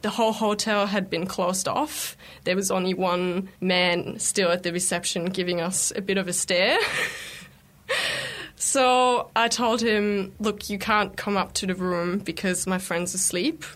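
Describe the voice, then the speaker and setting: A woman who lives in London is being interviewed and tells a personal story in a casual, chatty way. Her mid-range voice moves a little slowly, and she gets animated as she acts out quoted lines along the way.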